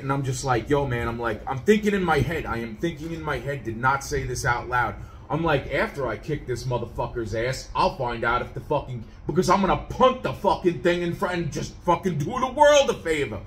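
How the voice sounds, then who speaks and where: A man's voice: on the high side, fairly bright tone, a little hiss or hum. A man telling a story as a profane rant, swearing heavily and stammering through restarts as he gets worked up.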